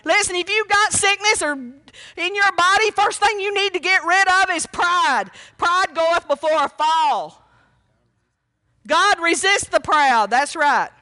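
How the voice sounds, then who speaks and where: A woman preaching a sermon, folksy and fervent, breaking into loud cries when she quotes a plea for mercy. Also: very high-pitched, a little slow, no room sound, clean studio sound. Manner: fervent, folksy, exclaims praise often; rises to shouting when quoting cries for mercy.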